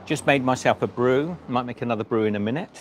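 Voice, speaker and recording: A man's voice: mid-range voice, fast, a little hiss or hum. A man, a cycle-touring vlogger, chatting jokily on a phone live stream at an outdoor rest stop. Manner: chatty, jokey, rambling with restarts. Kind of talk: casual live-stream chat. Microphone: phone held by the speaker.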